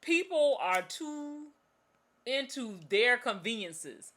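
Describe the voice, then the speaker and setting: A woman's voice: a little high, sing-song, slow pace, fairly bright tone. A woman, co-hosting a podcast in blunt, opinionated casual chat. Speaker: podcast co-host.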